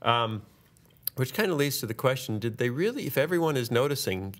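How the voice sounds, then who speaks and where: A man hosting a podcast, chatting casually and trading quick jokes with his co-hosts. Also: mid-range voice, sing-song, a bit bright. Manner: joking, quick banter. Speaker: podcast host. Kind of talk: casual comedic chat.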